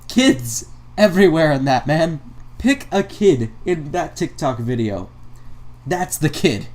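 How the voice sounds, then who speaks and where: A man's voice: fairly high pitch, big pitch swings, slow, darkish tone. Sarcastic man doing reaction commentary. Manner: sarcastic, mock-exasperated, mid-sentence laughs. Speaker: commentary YouTuber.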